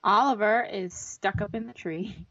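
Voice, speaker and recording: A woman's voice: mid-range voice, normal speed, a bit bright, dry recording, dull audio. A woman co-hosting a casual podcast, chiming in with short agreements and jokes. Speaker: podcast co-host. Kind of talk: casual chat.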